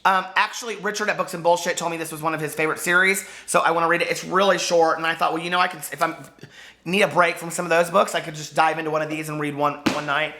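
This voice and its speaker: A man chatting to camera as a book vlogger, gushing and full of fillers, hoarse from losing his voice. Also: a little high, level tone, quick pace, bright, forceful tone, slight background noise. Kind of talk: casual chat to camera.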